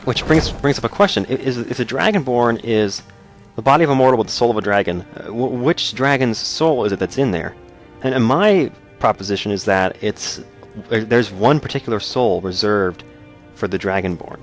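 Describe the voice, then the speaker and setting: A man's voice: medium pitch, moderate pace. A young man joking and rambling as he hosts a let's play, with casual commentary. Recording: voice with faint game music.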